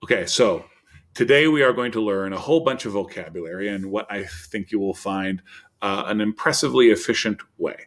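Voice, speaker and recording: Low-voiced man teaching vocabulary. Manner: upbeat, explanatory, reads word lists slowly. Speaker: Spanish teacher. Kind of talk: recorded vocabulary lesson.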